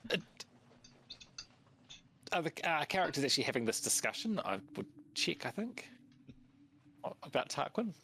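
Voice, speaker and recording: A man's voice: on the high side, very animated, normal speed, creaky, pauses often, fairly bright tone, a little hiss or hum. A man playing in a tabletop game, asking questions and thinking aloud in a hesitant, casual way. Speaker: player.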